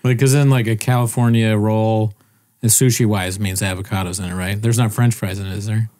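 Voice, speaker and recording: A man's voice: lowish voice, steady tone, brisk, dark tone. A young man co-hosting a podcast, chatting casually in a joking, laid-back way with plenty of swearing. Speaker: podcast co-host. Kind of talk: casual chat.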